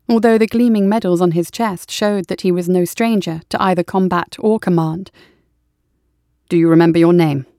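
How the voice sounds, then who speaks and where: A woman narrating an audiobook in a steady, even storytelling manner. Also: medium pitch, no echo, clean studio sound.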